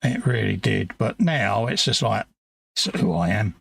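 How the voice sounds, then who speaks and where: A man's voice: fairly low pitch, lively intonation, a little slow, vocal fry, a bit bright, breathy edge. A man in his fifties with a strong British regional accent, chatting bluntly on a live stream and reading out viewer comments. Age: 50s. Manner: blunt, chatty, self-deprecating banter.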